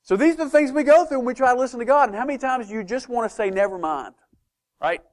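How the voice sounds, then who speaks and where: A man preaching a sermon to a congregation, shifting between loud, animated bursts and hushed, quiet passages. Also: very high voice, fast talker. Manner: animated, swings from loud to hushed, acts out doubters' voices.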